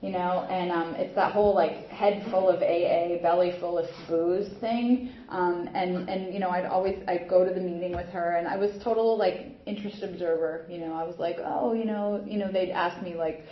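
A woman's voice: on the low side, steady tone, normal speed, few pauses. A young adult woman giving a personal recovery talk at a meeting, rambling with many fillers and restarts. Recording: muffled echoey room recording.

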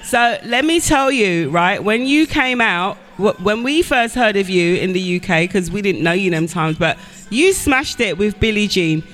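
A woman's voice: mid-range voice, expressive, moderate pace, fairly bright tone, faint music behind. A woman with an English accent hosting a radio interview, chatty, often saying "you know what I'm saying". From England. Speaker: radio host.

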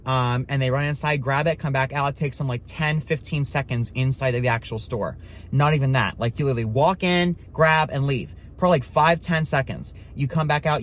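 A man leading a Bible study as a preacher, telling a loose, rambling story full of "like" and "you know.". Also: fairly high pitch. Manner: rambling, filler-heavy, with many "like" and "you know".

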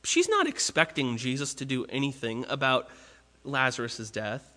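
A man's voice: medium pitch, huge pitch swings, normal speed, bright, forceful tone, long reverb tail. A man preaching a sermon in an earnest, conversational way, often restarting phrases.

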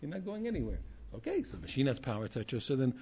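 A man teaching an informal Torah class, animated and repetitive, often asking "you understand?". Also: mid-range voice, rapid-fire, muffled recording, a little hiss or hum.

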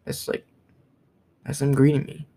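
A man's voice: mid-range voice, monotone, measured pace, creaky, mellow, low-quality recording. A young man from the United States giving a blunt, profane opinion rant to camera, repeating himself as he talks. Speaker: vlogger.

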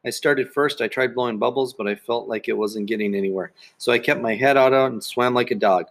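A man's voice: medium pitch, fairly quick, fairly bright tone. Male storyteller reading a children's book. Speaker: audiobook narrator. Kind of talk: first-person storybook narration.

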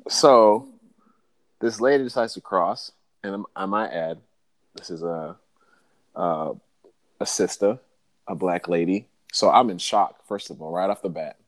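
A man hosting a podcast, telling a story with animated jokes, swearing and laughter in a casual chat. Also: sits low, measured pace, long pauses, no echo. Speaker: podcast host.

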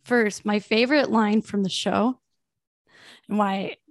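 A woman's voice: medium pitch, fairly even intonation, slow, dry recording, studio quality. A young adult woman co-hosting a podcast, telling a story in casual gossipy chat with plenty of swearing. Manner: chatty, swearing, enthusiastic storyteller. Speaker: podcast co-host.

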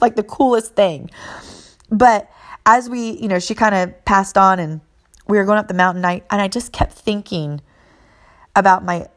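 Earnest motivational woman storyteller. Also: mid-range voice. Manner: earnest, emphatic, repeats key phrases. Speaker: mother and fitness and mindset coach.

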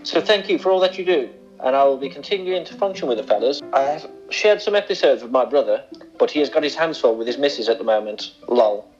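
A man doing a posh voice as a royal gentleman reading out a letter. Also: mid-range voice, expressive, quick pace, soft background music, natural voice. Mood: stately. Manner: exaggerated posh put-on voice. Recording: dull lo-fi sound.

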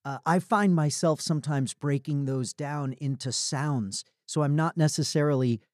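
A man hosting a podcast who also narrates audiobooks, talking in a relaxed, reflective way about his work. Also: a little high, normal speed, no echo, clean studio sound. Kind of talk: casual interview chat.

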